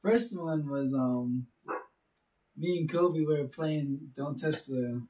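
A man's voice: on the high side, slow pace, mellow. A man asking his friends questions in a casual chat, rambling with many fillers. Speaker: question asker. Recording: distant mic.

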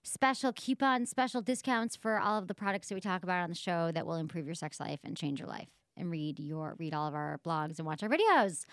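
A woman's voice: fairly low pitch, animated, fairly quick, few pauses, no echo, clean studio sound. A woman hosting a podcast, plugging the show in a breezy, upbeat way before chatting casually. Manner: upbeat, breezy promo delivery. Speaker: podcast host. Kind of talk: casual chat and show plug.

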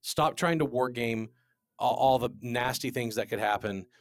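A man's voice: mid-range voice, normal speed, dry recording, clean studio sound. A man in his forties, a business owner, telling a candid story in an interview with emphatic restarts. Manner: earnest, repetitive restarts, emphatic.

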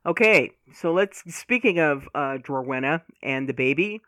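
A woman's voice: sits low, expressive, moderate pace, a bit bright, no echo, clean studio sound. A woman co-hosting a casual podcast chat, with many fillers, laughs and sighs. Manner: chatty, lots of fillers, laughing, sighing. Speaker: podcast co-host.

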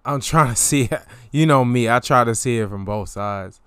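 Young male vlogger, unhurried storyteller, smooth voice, dry close recording, animated swings. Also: dry recording. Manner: animated storytelling with slang and pitch jumps. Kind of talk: casual storytelling monologue.

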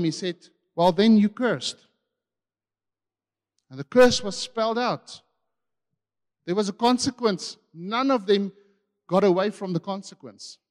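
A man preaching a sermon with passion, swinging between loud and hushed. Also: high-pitched, long reverb tail.

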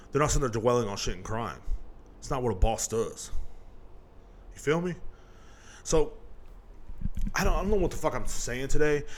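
A man hosting a casual podcast, ranting in a profane, rambling way and mocking people in put-on voices. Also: mid-range voice. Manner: gets loud and worked up. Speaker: podcast host. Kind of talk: casual rant.

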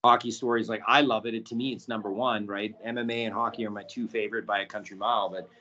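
A man talking as a podcast guest and documentary producer, telling stories in a casual, animated way and acting out quotes, with many "right?" tags. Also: on the low side, fast. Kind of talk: casual storytelling. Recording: dull lo-fi audio.

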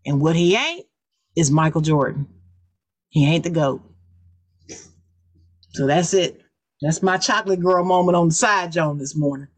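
A woman's voice: low-pitched, measured pace, long pauses, dry recording. A woman co-hosting a podcast, giving an emphatic, fired-up opinion rant. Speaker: co-host.

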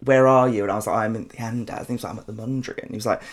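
A man's voice: fairly low pitch, steady tone, rapid-fire. A man from South London with a South London accent, telling stories in a swearing, laughing podcast chat. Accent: South London English. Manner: chatty, swears a lot, laughs often. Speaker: podcast host. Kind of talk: casual storytelling chat.

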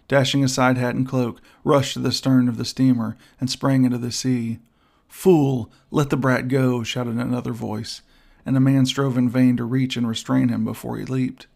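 A man narrating an old-fashioned adventure story in a measured reading style. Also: mid-range voice, level tone, creaky, a little mellow. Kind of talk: audiobook narration.

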